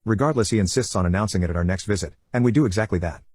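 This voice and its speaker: A man narrates internet stories at a quick, even clip. His voice sits low with a breathy, husky edge. The sound is dry and close, with no room around it. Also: dry recording.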